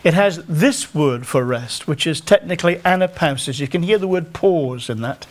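A man's voice: on the high side, lively intonation, moderate pace. A middle-aged man with a North Staffordshire English accent preaching a sermon in a conversational, self-deprecating way, often stopping to restart his phrases.

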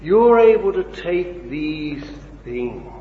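A man preaching a sermon, impassioned, with rhetorical questions, swinging between loud and hushed. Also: fairly high pitch, big pitch swings, slow pace, a little hiss or hum. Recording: dull old recording in an echoey hall.

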